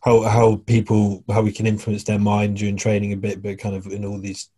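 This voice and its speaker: A man's voice: lowish voice, monotone, fairly quick, dark tone, husky. A man hosting a podcast in an easygoing, casual chat, with a lot of fillers and restarts as he wraps things up. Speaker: podcast host.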